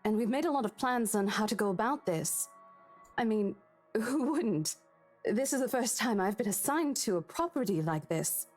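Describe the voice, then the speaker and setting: A woman voicing a caring young realtor in video game dialogue, speaking in a soft, coaxing, slightly hesitant way. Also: a little high, animated, moderate pace, soft background music. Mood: reassuring.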